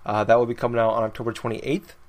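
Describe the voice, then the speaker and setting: A young man in a relaxed gaming podcast chat, running down his notes in a loose, rambling way. He laughs often between points, and his voice sits at an ordinary middle pitch. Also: quick pace. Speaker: podcast host.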